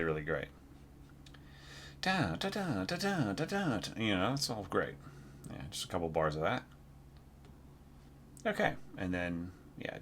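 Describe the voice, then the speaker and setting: A very low-voiced man talking through a piece of music in an easygoing, thinking-aloud way. He gives feedback like a teacher and breaks into sung "da da" phrases to show a line. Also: sharp tone, a little hiss or hum. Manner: thinking aloud, sings melodies on nonsense syllables. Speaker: orchestration teacher. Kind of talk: casual spoken score evaluation.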